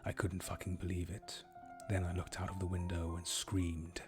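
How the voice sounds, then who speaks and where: Deep, flat-voiced man reading deadpan. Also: music in the background. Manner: deadpan, unhurried, low-key. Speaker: streamer reading fan fiction aloud. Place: home streaming setup.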